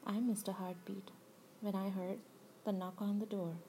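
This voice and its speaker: A woman's voice: mid-range voice, flat delivery, moderate pace, warm tone, a little hiss or hum, rough recording. A woman reading a first-person story in an intimate, confessional way. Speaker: story narrator.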